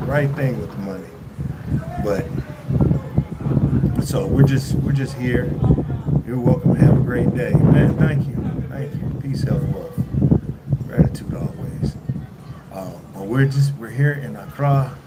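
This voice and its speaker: A man livestreaming casually from his phone while traveling, rambling and halting with many fillers and restarts. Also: mid-range voice. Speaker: vlogger livestreaming. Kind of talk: casual live-stream chat. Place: indoors at a lodging while traveling. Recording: loud background noise.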